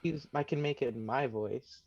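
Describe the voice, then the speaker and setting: A man's voice: medium pitch, unhurried, a little mellow. A man playing a tabletop game, asking about the rules and thinking aloud. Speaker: player. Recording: dull lo-fi mic.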